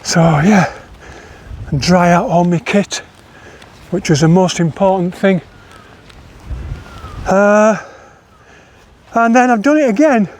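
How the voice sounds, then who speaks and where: A man's voice: high-pitched, slow pace, long pauses, a little mellow. A man, chatting casually as he walks a long-distance trail outdoors on a windy day. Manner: chatty, rambling, self-correcting. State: out of breath while climbing. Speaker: long-distance walker vlogging. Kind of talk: casual walking vlog. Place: outdoors on windy hills and moors.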